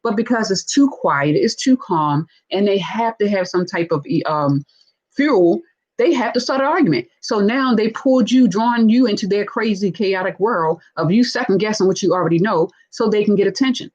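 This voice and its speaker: A woman with a husky, slightly breathy voice talks through her subject in a live, casual teaching style. She is animated, acts out bits of dialogue and keeps checking in with "right?". The recording sounds dull and lo-fi. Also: medium pitch, moderate pace. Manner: animated, acts out quoted speech, frequent "right?". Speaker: host discussing narcissistic relationships.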